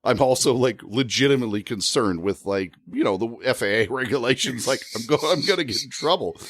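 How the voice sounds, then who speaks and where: Lively man telling a funny story. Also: mid-range voice, brisk. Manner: animated, laughing often while telling a story. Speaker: podcast guest. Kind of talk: casual storytelling.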